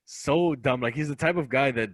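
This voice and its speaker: A man's voice: medium pitch, normal speed, no room sound. A young man in his twenties chatting animatedly as a comedian guest on a podcast. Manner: animated, chatty, drops into voices. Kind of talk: casual interview chat. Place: podcast studio.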